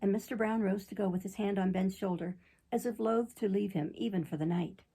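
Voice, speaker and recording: A woman narrating a classic novel as an audiobook in steady storytelling delivery. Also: mid-range voice, a little fast, creaky, husky, low-quality recording.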